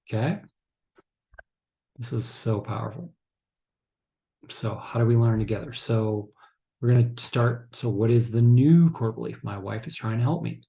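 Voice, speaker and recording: Gravelly and dark-toned, this man's voice leans low as he gives a recorded, instructive lecture to train counselors. He frequently checks in with "okay?" and performs couples' remarks in quotes.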